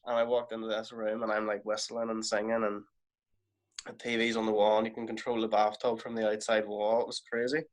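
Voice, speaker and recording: A man, a professional wrestler guesting on a podcast, telling anecdotes in a casual, animated way. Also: lowish voice, a little fast. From Ireland. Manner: animated, lively anecdote telling with quoted exchanges. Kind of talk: casual storytelling.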